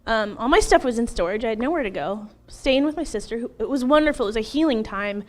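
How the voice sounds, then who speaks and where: A middle-aged woman in an interview, telling her personal testimony in an emotional, animated way, laughing often and acting out what she once said. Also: fairly high pitch, fast talker. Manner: animated, laughs often, acts out her own past words.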